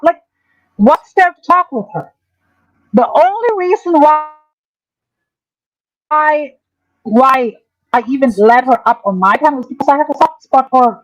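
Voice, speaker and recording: A woman hosting a casual livestream, talking in a halting, hesitant way with many restarts. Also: high-pitched, no echo, muffled recording.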